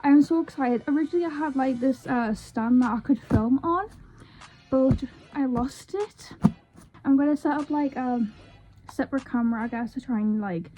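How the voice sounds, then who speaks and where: Young woman vlogger, excitable casual chatter, high voice, soft faint music underneath. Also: moderate pace. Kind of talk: casual unboxing vlog.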